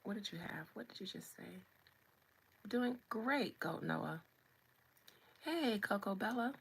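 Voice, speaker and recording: Greeting viewers by name, a livestream host from the United States chats with them in a playful, casual way. Her voice is medium in pitch, gravelly and slightly rough, animated but slow.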